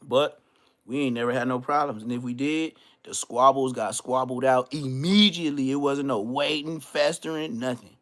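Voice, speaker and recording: A man's voice: mid-range voice, moderate pace, a bit bright. A man hosting a livestream. He tells stories casually in loose street slang and acts out other people's lines. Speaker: livestream host.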